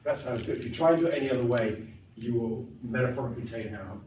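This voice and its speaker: A man's voice: medium pitch, rapid-fire, a little mellow. A middle-aged man giving a conversational, emphatic classroom lecture on poetry. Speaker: literature lecturer. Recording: echoey classroom, mic far off, faint noise.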